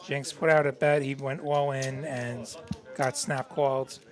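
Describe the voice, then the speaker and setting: A man's voice: medium pitch, little pitch movement, unhurried. A man doing live play-by-play commentary on poker, easygoing and analytical as he walks through each hand. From not from Texas.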